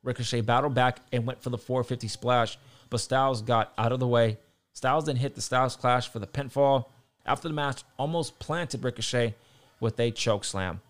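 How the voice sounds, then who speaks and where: Swearing constantly and circling back on his points, a young man rants heatedly and casually about wrestling as a commentator. His voice is of medium pitch, at normal speed.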